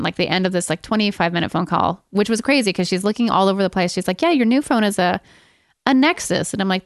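A woman's voice: mid-range voice, no room sound. Dry-sounding woman telling rambling stories. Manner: rambling storytelling, laughing often. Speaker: podcast co-host. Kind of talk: casual podcast chat.

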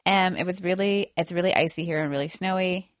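A woman chatting casually and telling stories, giggly and animated. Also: fairly low pitch, brisk, no room sound, clean studio sound. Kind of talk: casual chat.

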